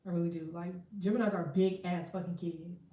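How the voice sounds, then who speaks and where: A woman's voice: lowish voice, fairly even intonation, brisk, dark tone, recorded from a distance, highs cut off. A woman chatting casually on a livestream, telling stories with lots of swearing and laughter. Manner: profane, candid storytelling with laughter. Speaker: tarot and astrology reader. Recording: echoey room, voice set back from the mic.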